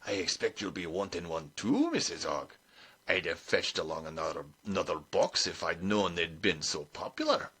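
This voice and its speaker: A man's voice: low-pitched, expressive, moderate pace, a bit bright, slightly rough, exaggerated voice. A man voicing a cheerful, shrewd dwarf trinket seller with a sly sales patter.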